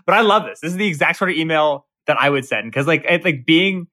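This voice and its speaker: A playful man with a Northeast Pennsylvania accent co-hosts a casual podcast. His voice sits a little high for a man, and he runs his word game with a teasing grin in his tone. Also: animated, fast talker, bright, forceful tone, no echo. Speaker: podcast co-host. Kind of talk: casual chat.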